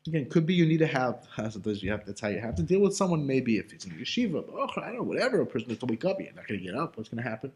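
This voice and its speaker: A man's voice: medium pitch, big pitch swings, rapid-fire, few pauses, a little mellow. A man teaching an informal Torah class in a loose, conversational way, full of casual fillers and rhetorical questions. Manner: asks himself rhetorical questions.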